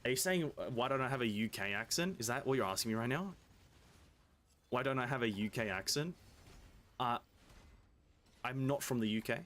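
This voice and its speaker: A young Australian man talks to his viewers while he plays, easygoing and a little rambling. He drops casual swears into the chat. His voice sits at an ordinary middle pitch for a man. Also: expressive, normal speed, pauses often, fairly bright tone. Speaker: gaming streamer.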